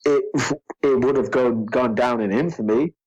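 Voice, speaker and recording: A man's voice: mid-range voice, normal speed, a little mellow, breathy edge, no room sound. A man with a mid-range voice, co-hosting a casual podcast chat. He reacts with wry exasperation. His mic sounds dull, dry and a bit lo-fi. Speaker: podcast co-host.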